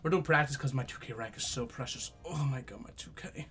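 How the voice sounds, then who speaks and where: A young man giving live gameplay commentary, profane and trash-talking, swinging between loud outbursts and low mutters. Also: fast, over loud music. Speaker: gaming YouTuber.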